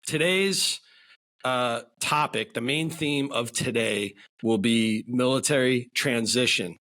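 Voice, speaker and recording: A man's voice: medium pitch, takes it slowly, sharp tone. Upbeat New England man hosting. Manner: upbeat, folksy, uses "wicked" and "brother". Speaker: podcast host. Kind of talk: casual interview chat.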